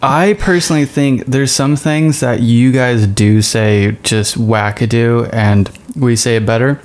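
A man co-hosting a podcast chats casually at medium pitch and a slightly slow pace. He sounds hesitant and uses lots of fillers.

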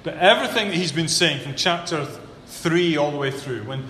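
Bright-voiced preacher in an echoey hall. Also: male voice, normal speed. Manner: builds to emphatic peaks, then drops low and earnest. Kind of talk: sermon. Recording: echoey hall with long reverb, faint room hum.

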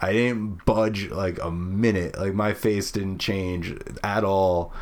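Young new dude, lowish voice, rambly and foul-mouthed, lots of "like". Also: male voice, steady tone, slow, a little mellow. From Brooklyn, New York. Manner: swears freely, rambling with lots of "like". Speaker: storyteller. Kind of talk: casual podcast chat.

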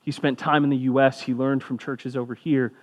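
A man's voice: medium pitch, flat delivery, a little fast. A man preaching as a pastor, talking in a conversational way with asides, his voice rising for emphasis. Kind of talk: sermon.

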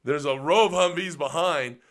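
Co-host: man with a bright, forceful voice, swears freely, laughs through his stories. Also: fairly high pitch, moderate pace. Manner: profane, laughing storyteller. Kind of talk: casual storytelling chat.

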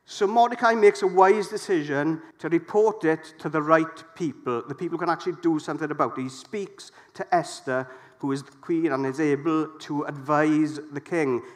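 Man, preaching, middle-aged, fairly high voice, jokey, asks the congregation questions. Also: moderate pace, hardly any pauses. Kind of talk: sermon.

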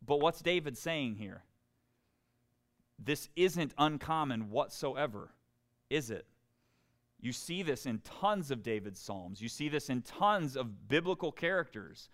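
A man's voice: medium pitch, expressive, unhurried, a bit bright. A man preaching a sermon as pastor, talking in a conversational way and often putting questions to his listeners. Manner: conversational, asks the congregation questions.

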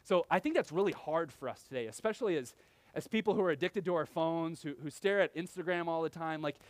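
Man preaching a lively, conversational sermon. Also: on the high side, fast talker, dry recording. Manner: conversational preaching with animated acted-out quotes. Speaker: pastor.

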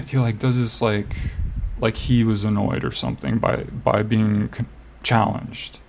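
Gravelly man rambling through a story. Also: lowish voice, sing-song, slow pace, slight background noise. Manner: rambling storyteller, heavy on "like" fillers, swears. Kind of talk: casual chat.

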